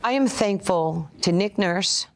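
A woman's voice: medium pitch, expressive, a little slow. A woman, telling stories as an interview guest and acting out the voices of the people she quotes. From Brooklyn, New York. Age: 60s. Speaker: interview guest, former player and coach. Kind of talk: conversational storytelling.

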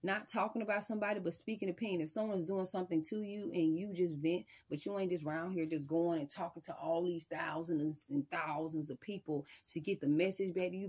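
A woman giving a casual spiritual tarot reading in a slangy, emphatic way. She keeps repeating phrases to her viewers and breaks into sudden loud, high bursts. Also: fairly quick, few pauses, breathy edge. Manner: emphatic, repeats "y'all" and "I'm telling you". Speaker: tarot reader.

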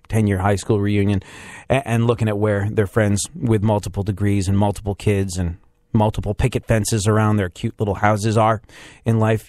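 A male radio host with a somewhat low voice talks through a personal story as a motivational monologue. He is candid and self-deprecating with a wry edge. The sound is dry and close to a studio mic. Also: darkish tone, no echo.

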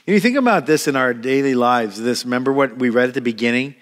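A man's voice: mid-range voice, fast. A man preaching a sermon as pastor, talking in a conversational way, repeating words as he restarts and acting out quoted prayers. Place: church hall. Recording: long reverb of a church hall.

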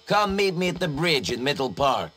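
An actor playing a hardened Eastern European war veteran in a video game, speaking bluntly and with menace. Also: male voice, a little high, big pitch swings, moderate pace, bright, forceful tone, full character voice.

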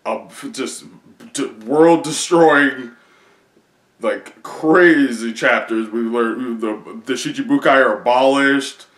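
A man chatting casually as a video creator, rambling excitedly through a recap with many fillers. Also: mid-range voice, takes it slowly, few pauses. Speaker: video creator reacting to comics. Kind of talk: casual chat. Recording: roomy echo.

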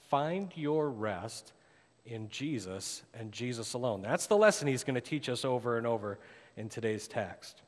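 A man, a pastor, preaching a sermon and telling a story with dramatic rises and hushed drops. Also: moderate pace. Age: adult with a daughter. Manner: storytelling preacher, rising for drama, dropping low for emphasis. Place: church sanctuary. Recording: long church hall reverb.

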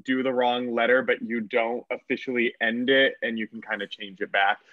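A man's voice: medium pitch, level tone, normal speed, no echo, muffled recording. A man judging a comedy spelling bee, joking dryly and putting himself down. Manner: dry self-deprecating joker. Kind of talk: casual comedic banter.

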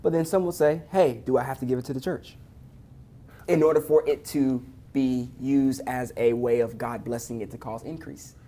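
A man's voice: mid-range voice, steady tone, normal speed, warm tone. A man, a former pastor turned entrepreneur, talking as an interview guest in an emphatic, preacherly way with churchy affirmations. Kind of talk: casual interview chat.

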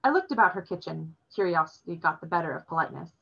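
A woman reading a novel aloud in a plain, steady storytelling manner, recorded with dull lo-fi sound. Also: lowish voice, fast talker, gravelly, breathy edge.

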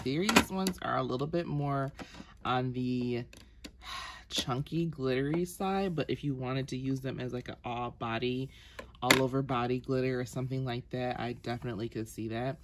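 A woman's voice: a bass voice, heavy background noise. A woman vlogger chatting casually through her makeup collection, rambling with ums and self-corrections. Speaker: beauty vlogger.

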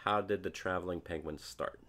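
A man's voice: low-pitched, steady tone, a little fast, a bit bright. A man hosting a podcast in casual chat, playful and full of follow-up questions. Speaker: podcast host.

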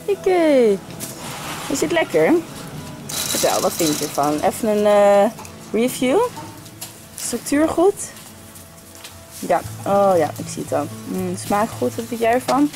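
A woman's voice: medium pitch, sing-song, unhurried, pauses often, darkish tone, faint music behind. A young Dutch woman chatting casually in a vlog, bubbly and giggly, mixing Dutch and English. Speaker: vlogger.

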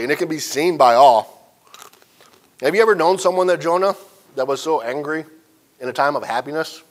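A man from central Illinois teaching a church Sunday school lesson, telling folksy stories and asking the class questions. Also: mid-range voice. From central Illinois, USA.

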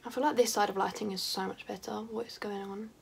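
Chatty teen girl with a gravelly edge. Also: mid-range voice, fairly even intonation, fast talker, a little hiss or hum. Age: teens. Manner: chatty, self-mocking, rambling asides. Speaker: beauty vlogger. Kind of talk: casual makeup tutorial chat.

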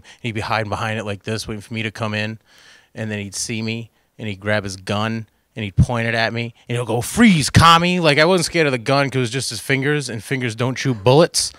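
Bright, crisp-voiced stand-up comic. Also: male voice, mid-range voice, no echo, clean studio sound. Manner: rambling, self-deprecating asides to the crowd. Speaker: stand-up comedian. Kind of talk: stand-up comedy routine. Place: comedy stage for a cable access show. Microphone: handheld microphone.

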